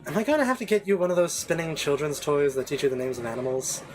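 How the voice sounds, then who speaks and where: A man's voice: a little high, very animated, quick pace, a little hiss or hum. A man voicing a regal, weary dragon queen in a game, speaking with a put-on accent. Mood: thoughtful.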